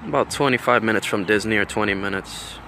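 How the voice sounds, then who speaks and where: A man telling a story in a casual, profane, animated vlog, talking outdoors with faint traffic behind him. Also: lowish voice, fast. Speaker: vlogger.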